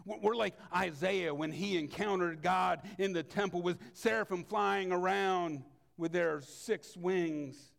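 Male pastor, sermon. High, gravelly voice, earnest, drops to a hush then presses hard. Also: a little slow, hardly any pauses.

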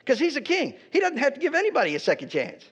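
A man's voice: very high voice, wildly swooping pitch, quick pace. A man preaching a teaching sermon in a conversational way, often checking in with his listeners by asking "right?". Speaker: pastor. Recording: dull lo-fi recording.

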